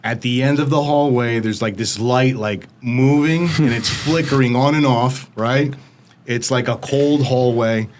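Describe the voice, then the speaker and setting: Male podcast guest, middle pitch, vivid casual storyteller, studio mic. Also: a little slow, a little hiss or hum. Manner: vivid storytelling with frequent "like" fillers. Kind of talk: recounting a personal story.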